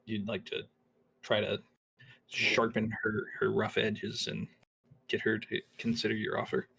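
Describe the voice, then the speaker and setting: Running a tabletop game as game master, a man narrates in a relaxed, halting way full of fillers. His voice sits on the low side, creaky with a breathy edge.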